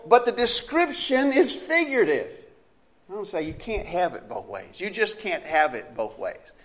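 A man's voice: a little high, fairly bright tone. A man preaching a sermon in a conversational, storytelling way, asking the listeners questions and restarting phrases as he goes.

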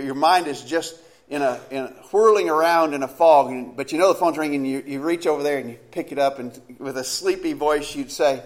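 A mid-range male voice delivers a sermon in a chatty, story-driven manner, restarting phrases as he goes and putting questions to his audience.

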